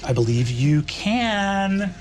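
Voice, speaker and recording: A man running a tabletop game as game master, narrating quickly and vividly with bursts of energy. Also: high voice, very animated. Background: music.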